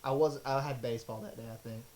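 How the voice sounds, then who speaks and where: A young man recalling school sports days in a relaxed, chuckling casual chat. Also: medium pitch, fast talker.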